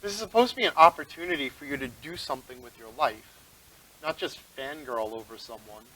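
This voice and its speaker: A man's voice: medium pitch, a little fast, sharp tone, recorded from a distance, slight background noise, natural voice, low-quality recording. A man voicing a snide, aloof teenage boy who talks in a curt, dismissive way. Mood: scolding.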